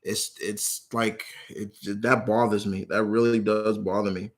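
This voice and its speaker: A man's voice: fairly low pitch, little pitch movement, measured pace. A man hosting a casual live question-and-answer stream, reading viewers' questions aloud and answering them in a rambling, candid, emotional way with lots of fillers. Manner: emotional, earnest.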